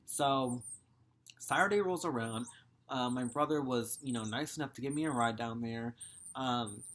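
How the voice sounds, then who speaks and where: A man's voice: medium pitch, moderate pace, a bit bright. A young man in his twenties telling a story casually, swearing and exasperated. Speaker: vlogger.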